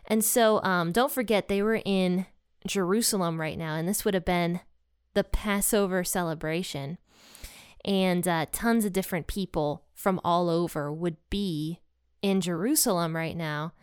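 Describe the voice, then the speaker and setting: Smooth-voiced woman retelling a Bible story. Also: fairly low pitch, a little slow, dry recording, studio quality. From Ohio, USA. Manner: chatty, storytelling with fillers. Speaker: Bible teacher. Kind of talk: casual Bible study talk.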